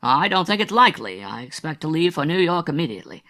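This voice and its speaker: A man voicing a hurt, bitter young male stage actor who is quiet and withdrawn in an audiobook reading. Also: fairly high pitch, sing-song, fast, voice pushed up, exaggerated voice. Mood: hopeful. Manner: quiet and withdrawn, then lashing out.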